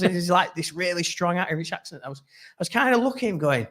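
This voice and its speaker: A man co-hosting a podcast, telling stories in a halting, restarting way. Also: sits high, animated, a bit bright. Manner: halting storyteller, many restarts. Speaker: podcast co-host. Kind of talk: casual chat.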